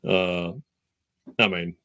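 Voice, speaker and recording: Young male co-host with a lowish voice. Rambling, heartfelt storyteller who restarts his sentences a lot. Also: flat delivery, drawn-out words, bright, forceful tone, clear, resonant tone. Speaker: podcast co-host. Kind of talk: casual chat, storytelling.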